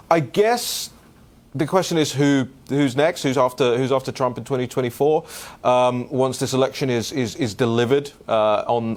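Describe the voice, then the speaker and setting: A young adult man at a middle pitch hosts a political talk show, reading out listener questions and answering them off the cuff. He speaks in an animated, casual way, stumbling, restarting and doubling back on his words.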